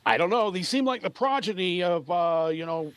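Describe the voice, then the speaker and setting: Opinionated man with a higher voice. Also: expressive, normal speed, fairly bright tone, no room sound. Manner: opinionated, emphatic storytelling. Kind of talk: casual political chat.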